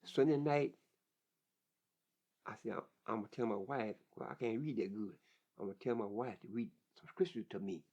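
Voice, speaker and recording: The dull lo-fi recording holds an older man's fairly low, warm voice at normal speed. Interviewed about his life, he speaks plainly and vividly, frequently repeating words as he goes.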